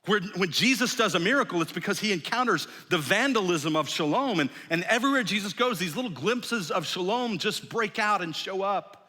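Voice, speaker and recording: A man, a pastor, preaching a sermon in a conversational storytelling way that often drops soft and low. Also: lively intonation, a little fast, few pauses. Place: large church hall. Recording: long hall reverb.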